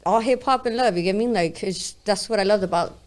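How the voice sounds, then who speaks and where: A woman's voice: medium pitch, fairly quick. A woman rapper with a New York accent talks through an interview in a loose, streetwise way. She speaks bluntly, swears easily and keeps checking in with "you get me?". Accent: New York-style. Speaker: guest rapper. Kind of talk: casual interview talk.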